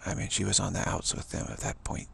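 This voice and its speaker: Man, husky, gravelly, halting, repeats himself, rambling spiritual story. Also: low-pitched, completely flat delivery. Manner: halting, with many repeated words and restarts.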